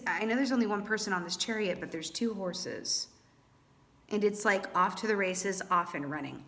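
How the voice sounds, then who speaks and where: A young woman reading tarot cards for her viewers in a chatty, animated way, thinking aloud with lots of fillers. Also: medium pitch. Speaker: tarot reader. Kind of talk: casual tarot reading to camera.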